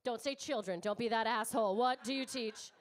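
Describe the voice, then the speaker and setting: A woman's voice: a little high, a little fast. A woman in her thirties doing stand-up comedy, brash and teasing the crowd, swearing freely. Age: 30s. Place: comedy club stage before a live audience.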